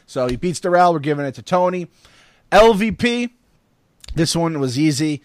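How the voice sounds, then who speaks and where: A man hosting a casual podcast chat, loose and profane, with quick joking asides. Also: on the high side, animated, no room sound, studio quality. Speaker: podcast host.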